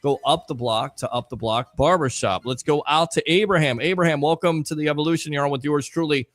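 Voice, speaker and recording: A man's voice: a little high, a little fast, a bit bright, no room sound, studio quality. A man hosting a sports call-in show, upbeat and chatty, taking callers and reading sponsor plugs. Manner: upbeat, reads out phone number and sponsor plug. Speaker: radio show host.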